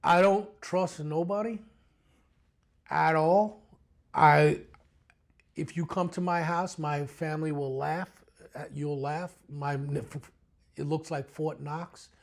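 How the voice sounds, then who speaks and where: Gravelly, blunt New York man. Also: on the high side, slow pace, pauses often. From the Bronx, New York. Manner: blunt, profane, animated street-tough storyteller. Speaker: retired police detective, interview guest. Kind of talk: storytelling interview talk.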